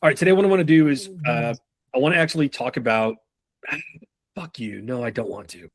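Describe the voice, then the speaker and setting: Casual man acting out sales pitches. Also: lively intonation, no echo. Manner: loose, profane, acts out sales calls in quick role-play. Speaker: sales trainer. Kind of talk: casual sales training talk.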